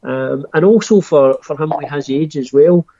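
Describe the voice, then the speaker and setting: A man's voice: on the high side, moderate pace, warm tone, dry recording. A man speaking as a podcast guest, hesitant, with frequent ums and restarts. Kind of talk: casual podcast chat. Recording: dry, dull lo-fi audio.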